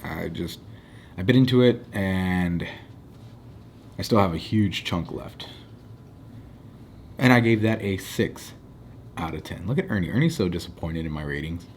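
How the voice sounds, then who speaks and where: A co-host rating cookies in a relaxed, casual food review chat, speaking with a fairly low male voice. He takes his time announcing each score and talks loosely between them, with a faint hum in the background.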